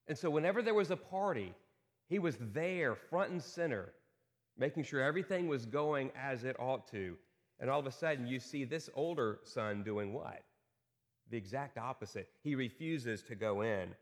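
Man preaching a sermon in a reverberant hall. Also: on the high side. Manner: asks the congregation rhetorical questions. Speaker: pastor. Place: church sanctuary.

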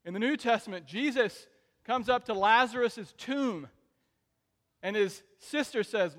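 Brief: high-pitched male preacher, dynamic sermon delivery, long hall reverb. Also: unhurried. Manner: dynamic delivery, swings between soft asides and loud emphatic peaks.

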